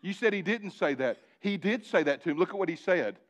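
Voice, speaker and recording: A man preaching a live sermon in church, animated and joking with his congregation, calling on them directly. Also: high-pitched, brisk, muffled recording. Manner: animated, talks directly to the congregation with asides and jokes. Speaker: pastor. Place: church sanctuary before a congregation.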